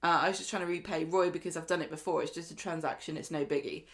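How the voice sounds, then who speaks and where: This podcast co-host has a low-pitched voice, a steady tone, and a fast delivery. She laughs easily while reading plot notes in a casual chat that recaps episodes.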